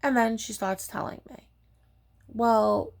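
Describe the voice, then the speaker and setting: A woman's voice: on the low side, fairly even intonation, a little slow, vocal fry, darkish tone. A woman telling a personal story in a casual, blunt and chatty way, acting out the dialogue with lots of fillers. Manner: frequent fillers like "like" and "um".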